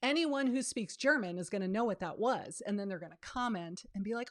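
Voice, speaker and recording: A woman's voice: mid-range voice, expressive, fairly quick. A woman, a real estate coach giving a live online training and answering viewer questions in a chatty, down-to-earth way. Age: 50s.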